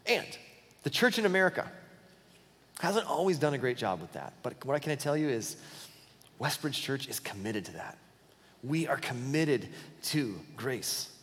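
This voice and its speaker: A man's voice: medium pitch, sing-song, moderate pace, fairly bright tone, big-room sound. A man preaching a sermon as a pastor, speaking in a candid, conversational style that tells stories and often restarts phrases.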